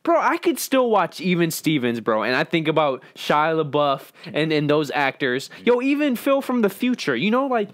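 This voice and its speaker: A man's voice: fairly high pitch, big pitch swings, moderate pace, hardly any pauses, no echo, studio quality. A young man co-hosting a podcast, giving short casual replies and reading out box-office numbers. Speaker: podcast co-host. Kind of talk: casual chat.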